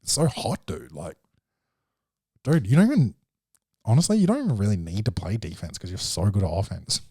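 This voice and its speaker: Profane rambling podcast host in a dry studio. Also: male voice, fairly low pitch, very animated, brisk, mellow, husky, no echo. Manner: rambling, profane, jokey, slips into quoted voices. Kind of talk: comedic film-review podcast rant.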